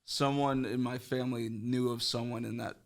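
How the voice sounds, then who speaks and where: A young man with a gravelly, fry-laced voice rambles through a story on a podcast. He leans on fillers and swears casually, at an ordinary mid pitch. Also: flat delivery, moderate pace. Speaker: podcast guest.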